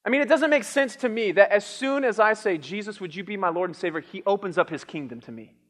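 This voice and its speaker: High-voiced preacher in a reverberant hall. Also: male voice, fast talker. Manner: animated, acts out the king's lines with shouts. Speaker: pastor. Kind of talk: sermon.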